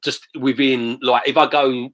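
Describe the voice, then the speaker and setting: Chatty man with a bright voice. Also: medium pitch, unhurried. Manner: chatty, animated, acts out quoted phone calls. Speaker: property investor guest. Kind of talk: casual interview storytelling.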